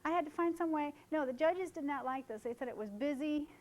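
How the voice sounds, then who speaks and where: A woman photographer speaks to a seminar room full of colleagues, her voice sitting high. She tells stories from her work with lots of life and acts out the people in them, picked up by a stage microphone. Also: brisk. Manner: animated storyteller who acts out quoted people. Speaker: wedding photographer presenting to colleagues. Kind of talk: seminar talk with storytelling.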